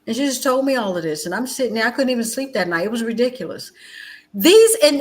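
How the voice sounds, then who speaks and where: A middle-aged woman, a guest educator and former chaplain, telling stories in a passionate conversational way. She speaks insistently and repeats phrases, swinging between loud outbursts and low, quiet passages. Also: big pitch swings, fast. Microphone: video call.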